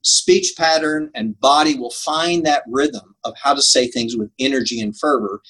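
A man's voice: mid-range voice, normal speed, fairly bright tone, slightly rough, poor audio. An older man answering interview questions about preaching, earnest and emphatic, laughing at himself now and then. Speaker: preaching coach.

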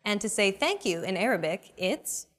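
A young adult woman hosting a language lesson, with clear, upbeat, teacherly scripted narration. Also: mid-range voice, big pitch swings, normal speed, fairly bright tone, slight background noise.

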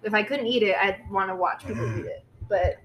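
A woman's voice: mid-range voice, fairly quick, fairly bright tone, low-quality recording. A young woman co-hosting a casual podcast with her husband, laid-back and a little hesitant. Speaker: co-host, host's wife.

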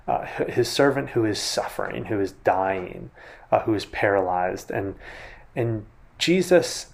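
A man's voice: on the low side, gravelly, darkish tone. A man preaching a sermon in a conversational way, often restarting and retelling a scene vividly. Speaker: pastor.

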